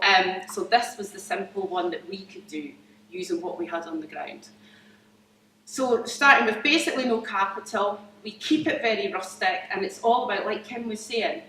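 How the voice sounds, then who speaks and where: A woman's voice: mid-range voice, sharp tone, a little hiss or hum. Chatty Scottish woman in a roomy hall. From Scotland. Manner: chatty and enthusiastic, with many fillers and restarts. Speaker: farmer speaking about her agritourism business. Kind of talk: informal presentation to an audience. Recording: roomy hall, mic at a distance.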